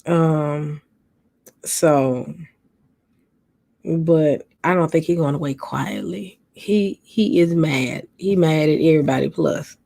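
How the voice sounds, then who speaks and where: Middle-aged woman, lowish voice, drowsy casual livestream host, dry close sound. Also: slow pace, vocal fry, dark tone, no echo. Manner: sleepy, yawning, chatty with viewers. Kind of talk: casual late-night livestream chat.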